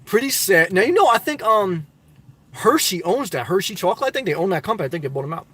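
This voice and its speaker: A man's voice: high voice, sing-song, fast talker, fairly bright tone, slightly rough. A middle-aged man from the US Northeast hosts a casual live stream, reading viewer comments and giving upbeat, preachy advice straight to his audience.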